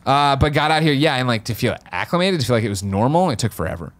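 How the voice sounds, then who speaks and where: A man's voice: medium pitch, fast. A man from the American Midwest hosting a casual chat, telling a long story with swearing and acted-out voices. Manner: animated, swearing, acts out quotes in funny voices. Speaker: podcast host.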